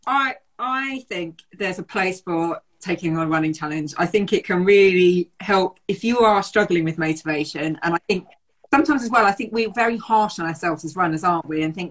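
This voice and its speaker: A woman running coach with a fairly low, husky voice. She talks thoughtfully in a measured, reflective way and sometimes laughs softly. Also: low-quality recording. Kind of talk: casual chat.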